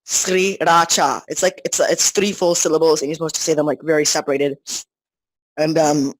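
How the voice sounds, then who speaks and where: A teenager talks in a loose, rambling way, circling back with constant restarts and fillers. The pitch sits in the middle range. The recording is dry and close, with no room sound. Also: steady tone, a little fast, dry recording, rough recording. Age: teens. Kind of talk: casual chat.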